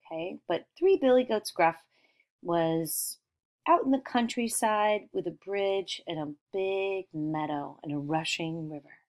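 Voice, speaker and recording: A woman's voice: lowish voice, darkish tone. A woman teacher guiding young children through retelling a story, asking questions and praising their answers. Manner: slow, encouraging questions.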